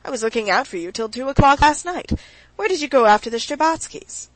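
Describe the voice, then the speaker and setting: A woman's voice: sits high, lively intonation, brisk, dry recording, voice pushed up, poor audio. A woman reading the lines of a genial, sociable nobleman in an audiobook, in a hearty, teasing way.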